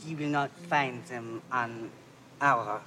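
An actor playing a haughty French maitre d' in a film, speaking with a French accent and a condescending manner. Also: male voice, mid-range voice, takes it slowly, pushed and bright, slight background noise. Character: snooty French maitre d', adult man.

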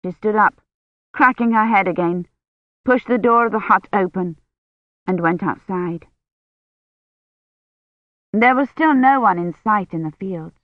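A woman reading a novel aloud as scripted narration, in a measured storytelling manner. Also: mid-range voice, no echo. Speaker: audiobook reader. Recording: tinny phone-like dry sound.

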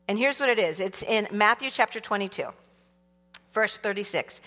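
A woman teaching a sermon in a casual, animated way, leading the congregation in call-and-response. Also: medium pitch, moderate pace. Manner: animated, casual and conversational, teasing the audience. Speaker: church teacher. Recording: long hall reverb.

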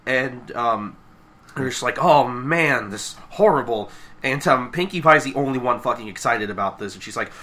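A man's voice: mid-range voice, fairly quick, bright, forceful tone. A man co-hosting a podcast, recapping a comic in a rambling casual way, swearing offhandedly. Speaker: podcast co-host. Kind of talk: casual comic review chat.

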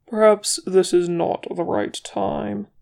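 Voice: mid-range voice, steady tone, slow, vocal fry, darkish tone. A reader voicing a proud male dwarf king who speaks with dry, smug wit.

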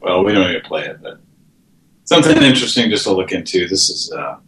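A man's voice: low-pitched, very animated, fast talker, a bit bright, roomy sound, slight background noise, poor audio. A man hosting a live show, chatting casually and rambling with many fillers. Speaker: show host. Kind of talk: casual late-night chat.

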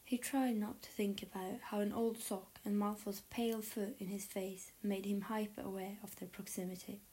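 A woman narrates a story aloud in a soft, breathy voice. Her tone is mellow and warm, with a gentle, unhurried reading manner. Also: medium pitch, flat delivery, rough recording. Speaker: audiobook narrator. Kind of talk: reading fan fiction aloud.

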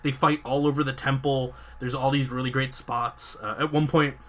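Young male podcast host, crisp bright tone, mid pitch, enthusiastic run-on storyteller. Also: level tone, normal speed. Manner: enthusiastic, rambling storytelling with many fillers and restarts. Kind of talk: casual chat.

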